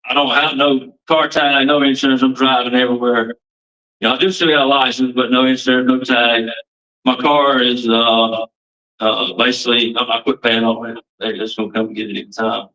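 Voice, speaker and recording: A man's voice: mid-range voice, flat delivery, normal speed, bright, forceful tone, distant mic, rough recording. A man giving a rambling personal testimony, casual and full of restarts. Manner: rambling, restarts often, casual Southern phrasing. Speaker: testimony speaker.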